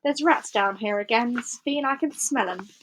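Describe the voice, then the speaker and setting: A woman's voice: on the high side, moderate pace, fairly bright tone. A woman doing a big eager servant woman.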